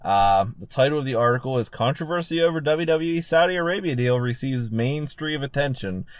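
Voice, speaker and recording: A man's voice: mid-range voice, expressive, a little fast, no echo, studio quality. A man co-hosting a casual wrestling podcast, laid-back, often chuckling, running through numbers. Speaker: podcast co-host.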